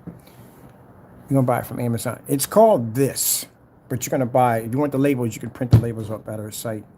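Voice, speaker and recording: Brisk and mellow in a mid-range voice, a man narrates a casual screen recording of building an ad for his small business's product. He brags about it, knocks competitors, and mutters and whispers to himself, over slight background noise.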